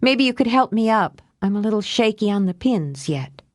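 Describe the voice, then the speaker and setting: A woman voicing a tough, blunt young witch with a quick temper. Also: mid-range voice, animated, dry recording, studio quality, natural voice. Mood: shaky, wry.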